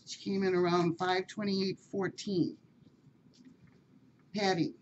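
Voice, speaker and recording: A woman's voice: on the low side, flat delivery, takes it slowly, long pauses. A woman reading an animal story aloud in a chatty way, speaking directly to her listeners. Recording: dull lo-fi with faint hiss.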